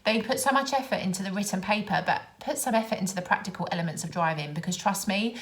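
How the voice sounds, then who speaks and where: A young woman with a London accent ranting sarcastically in a casual vlog, exasperated and animated as she lists her gripes. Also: on the low side. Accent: London English. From London, England. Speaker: vlogger.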